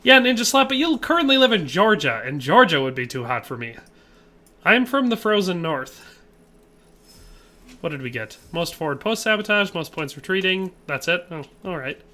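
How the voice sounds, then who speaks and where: A man's voice: high-pitched, sing-song, normal speed, sharp tone. A man from Wisconsin, chatting casually with his viewers while he plays a game on a live stream. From Wisconsin, USA. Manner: chatty, reads viewer chat aloud and answers it.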